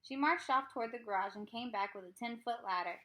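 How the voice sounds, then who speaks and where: A woman reading a children's book aloud, with clear, unhurried storytelling. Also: a little high, a bit bright. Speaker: reader.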